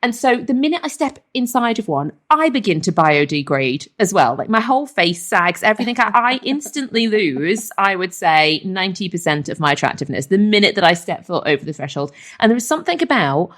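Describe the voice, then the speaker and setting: A woman's voice: medium pitch, sing-song, a little fast, few pauses, fairly bright tone. A middle-aged woman hosting a casual comedy podcast, chatty, swearing freely and laughing often. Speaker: podcast host.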